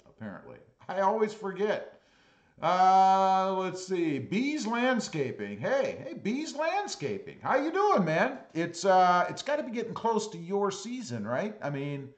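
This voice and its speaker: A man hosts a laid-back livestream and reads viewer comments aloud one by one. His voice sits a little high for a man and moves lively up and down. He greets each viewer in a friendly way and drops dry, teasing asides, recorded in an echoey room. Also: dull audio. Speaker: livestream host.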